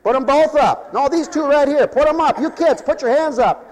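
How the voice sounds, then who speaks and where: A man's voice: extremely high pitch, normal speed, a little mellow. A man preaching a sermon to his congregation in a church, impassioned, calling out to the people in the pews and demanding a response. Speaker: pastor. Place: church sanctuary. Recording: long reverb of a large hall.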